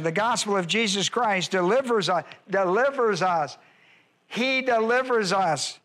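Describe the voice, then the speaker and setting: High-voiced pastor repeating phrases. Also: male voice, fairly bright tone. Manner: repeats key phrases for emphasis; slows and stresses words. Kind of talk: Bible study sermon.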